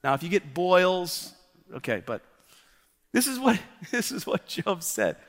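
Male pastor, sermon, high voice, fervent, frequent restarts and asides, long hall reverb. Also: very animated, measured pace, fairly bright tone. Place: church sanctuary.

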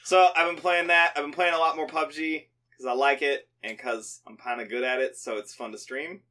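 A young man chatting casually as a podcast co-host, telling animated stories, swearing often and laughing. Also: a little high, a little fast. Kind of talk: casual chat.

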